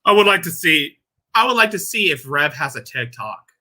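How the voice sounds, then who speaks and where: Male commentary host, crude and rambling, very bright edgy tone. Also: a little high, big pitch swings, normal speed. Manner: crude, rambling, laughing at his own jokes. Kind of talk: casual reaction commentary.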